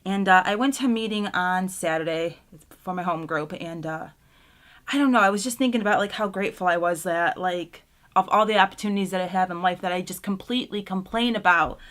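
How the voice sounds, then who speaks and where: Her voice sits on the low side, brisk and fairly bright, as this young woman vlogs at home while putting on makeup. The get-ready-with-me chat is casual and rambling, packed with fillers, and talk of being grateful occasionally brings her near tears.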